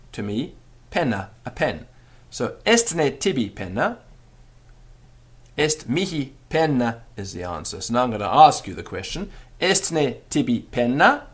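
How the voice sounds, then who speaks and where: A male teacher talks through a grammar lesson at an unhurried, deliberate pace. His voice rises and falls a lot, and he repeats each phrase slowly so it sinks in. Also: husky. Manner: slow, patient drilling with repeated example phrases; lively rising and falling pitch. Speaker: Latin teacher. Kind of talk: spoken language lesson.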